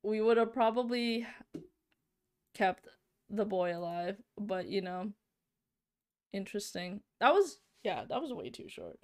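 A woman's voice: mid-range voice, very animated, measured pace, long pauses. A young woman playing a narrative game, reading its text aloud and reacting with shocked exclamations and casual fillers. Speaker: let's play streamer.

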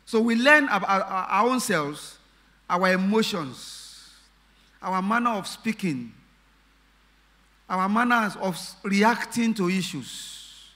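A man's voice: high voice, expressive, slow, long pauses, sharp tone, long reverb tail. A man preaching a sermon as pastor, emphatic, repeating phrases and asking the congregation rhetorical questions. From Nigeria.

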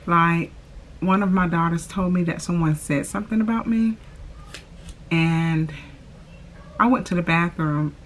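A woman's voice: on the low side, unhurried, pauses often, a little hiss or hum. A young woman chatting casually to camera, drawling "y'all" and filling her talk with "like" and "oh my gosh". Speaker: vlogger.

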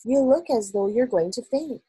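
A woman's voice: on the high side, animated, normal speed, breathy edge, no echo, pitched above the performer's own voice, rough recording. A woman voicing a composed, dignified queen who speaks sharply when alarmed, in a storybook reading. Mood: dismayed. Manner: startled, then sharp and commanding.

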